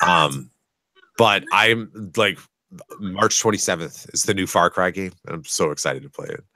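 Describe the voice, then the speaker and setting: Low bright-voiced man chatting. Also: moderate pace, dry recording. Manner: excitable, rambling gamer talk. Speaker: podcast co-host. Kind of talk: casual chat.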